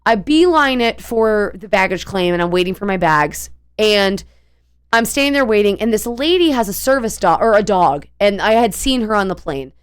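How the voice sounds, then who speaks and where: A woman's voice: mid-range voice, lively intonation, moderate pace, clear, resonant tone. A young woman streamer telling a long story in a casual, rambling way, full of fillers and restarts.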